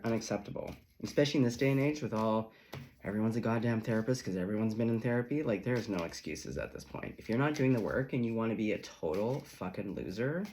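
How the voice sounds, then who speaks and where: A man's voice: fairly low pitch, darkish tone, a little hiss or hum. A man giving a casual tarot reading in a sassy, chatty, profane manner. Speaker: tarot reader.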